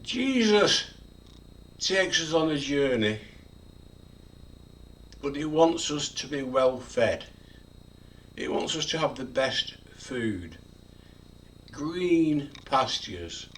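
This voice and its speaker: A man's voice: on the high side, big pitch swings, very slow, long pauses, a bit bright, far from the mic, slight background noise. A man in his seventies, a preacher giving a devotional talk, who repeats single words and leans hard on each one. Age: 70s. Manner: emphatic, repeats single words with heavy stress. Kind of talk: devotional video talk on a psalm.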